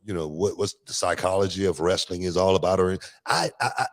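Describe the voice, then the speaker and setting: A man's voice: sits low, fairly quick. A man hosting a podcast in casual chat, talking emphatically and self-assuredly and repeating phrases for stress. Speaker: podcast host.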